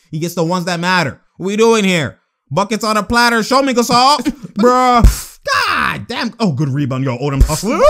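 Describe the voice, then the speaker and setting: A young man calls a game as he watches it, his voice pitched high and swinging wildly up and down. He laughs constantly and shouts slangy exclamations between quick remarks on the play. It sounds like casual, loose reaction commentary. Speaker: basketball reaction host.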